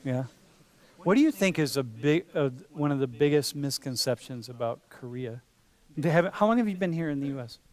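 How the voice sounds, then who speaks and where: The professor's voice is mid-range, expressive and a little mellow, moving at a moderate pace. He teaches a university class in a large lecture hall in a casual, playful way, referring to students as dude and bro.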